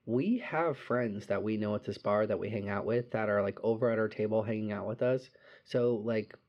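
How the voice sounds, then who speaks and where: A man's voice: fairly low pitch, moderate pace, highs cut off. A young man casually telling a story, swearing freely and acting out quotes. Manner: profane, animated storytelling with voiced quotes.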